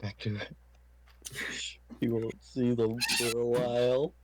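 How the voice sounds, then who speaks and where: A man in a casual gaming chat, speaking with dry, deadpan quips. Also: medium pitch, takes it slowly, slight background noise, poor audio. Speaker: friend on game server.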